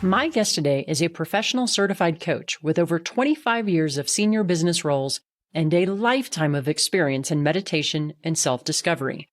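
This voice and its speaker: A woman's voice: low voice, lively intonation, fairly quick, faint music behind. Encouraging woman podcast host. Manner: enthusiastic, encouraging. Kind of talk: interview hosting.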